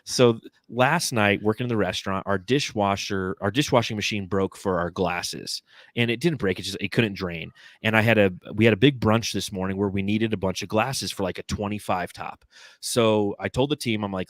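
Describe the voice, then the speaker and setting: A man's voice: on the low side, normal speed, dry recording, studio quality. A man co-hosting a casual sports podcast, chatting loosely and acting out quotes in his stories. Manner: animated storyteller, acts out quotes. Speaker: podcast co-host.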